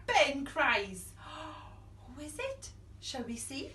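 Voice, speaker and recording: Woman, children's storyteller, lively up-and-down delivery, echoey room. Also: sits high, slow, recorded from a distance, slight background noise. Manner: animated, playful, dramatic whispers and gasps. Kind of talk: reading a picture book aloud to children.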